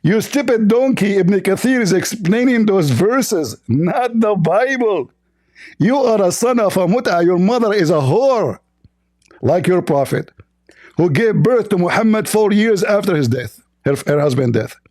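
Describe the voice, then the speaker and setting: A hoarse man hosting a live online debate. He shouts and hammers the same insults again and again, his voice pitched fairly high. The sound is close and dry. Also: expressive, measured pace, dry recording. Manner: shouting, insulting, repeats himself. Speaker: debate show host.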